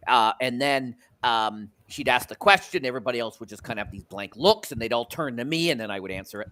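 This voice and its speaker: A man's voice: medium pitch, fast, bright, forceful tone. A Canadian man hosting a sports podcast, telling stories in a rambling way with many fillers and restarts. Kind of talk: casual sports chat.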